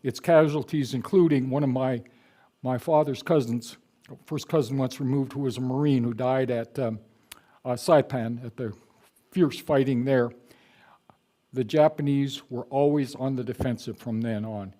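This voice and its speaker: Older man, author, book talk, conversational, digressive, mellow tone. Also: medium pitch, steady tone, normal speed. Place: room with a live audience.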